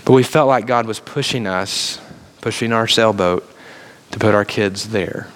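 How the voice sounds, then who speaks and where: A man's voice: lowish voice, measured pace, fairly bright tone. A man, a minister preaching a sermon and telling stories from his neighborhood life. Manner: storytelling, quotes others in conversation.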